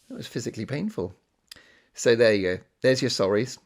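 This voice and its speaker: A man's voice: medium pitch, big pitch swings, moderate pace, breathy edge. A man from Britain hosting a solo podcast, talking in a chatty, self-mocking way with rambling asides. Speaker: podcast host. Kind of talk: casual solo podcast monologue.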